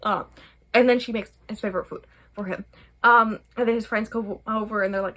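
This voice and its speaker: A young adult woman who runs a book vlog rambles casually through a book review, chatty and full of fillers, laughing often. Her mid-range voice is brisk and a bit bright.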